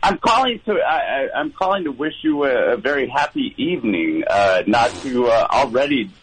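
A gruff man phones in to a radio show, his husky voice coming over a phone line. He speaks in halting, wry bursts, stumbling and restarting as he talks. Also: mid-range voice, expressive. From Maryland. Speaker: caller. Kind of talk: call-in chat.

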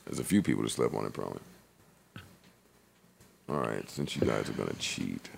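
A man's voice: very deep voice, lively intonation, normal speed, gravelly, husky. A man co-hosting a podcast, bantering casually and profanely with his co-hosts. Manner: joking, profane banter with frequent laughs. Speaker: podcast co-host. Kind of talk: casual chat.

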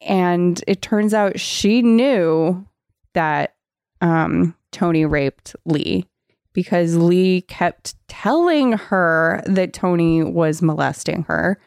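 A woman's voice: lowish voice, takes it slowly, vocal fry, darkish tone, clear, resonant tone, dry recording, studio quality. A woman in casual chat recapping a book, sarcastic and swearing freely as she acts out the characters' lines.

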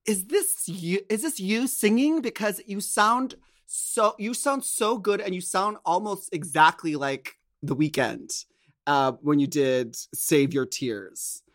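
A man's voice: high-pitched, takes it slowly, fairly bright tone. A man co-hosting a podcast in casual chat, gushing and laughing between phrases, with lots of "like". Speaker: podcast co-host.

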